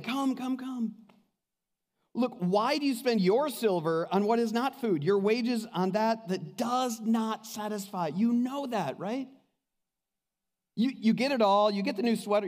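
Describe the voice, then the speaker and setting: A man preaching with a high voice, pleading and urgent one moment and dropping to a near hush the next. His sermon rings out with the long reverb of a large hall. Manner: impassioned preaching, swings from loud to hushed. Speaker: pastor.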